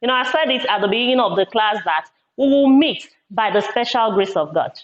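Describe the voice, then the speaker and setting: A woman teacher giving a classroom lesson, speaking slowly and deliberately and repeating words syllable by syllable. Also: fairly high pitch, expressive. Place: classroom with a board. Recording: echoey room, dull lo-fi sound.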